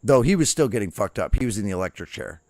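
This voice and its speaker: Low male streamer, profane storyteller, dry mic. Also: big pitch swings, quick pace, dry recording. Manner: profane, storytelling, barks quoted drill shouts. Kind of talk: casual storytelling chat.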